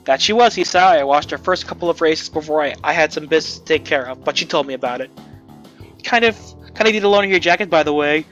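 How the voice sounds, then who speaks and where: Male reader playing a wry, friendly young male school nurse in a visual novel read-through; slightly high voice, muffled audio with music underneath. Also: fast talker, a bit bright, natural voice. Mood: amused.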